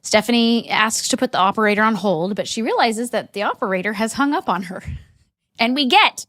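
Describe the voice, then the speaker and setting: A woman co-hosting a podcast, recapping an episode in an animated, enthusiastic chatty way. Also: medium pitch, fast talker, no room sound, studio quality. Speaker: podcast co-host. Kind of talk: casual chat, recapping episode.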